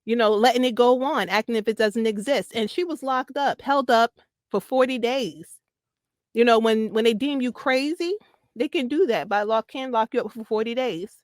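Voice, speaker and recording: Woman guest ranting casually on a talk show, slightly high voice, really dry close sound, keeps repeating for emphasis. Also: normal speed, no echo. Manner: emphatic, repeats points, laughs easily. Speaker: podcast guest. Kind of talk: casual commentary chat.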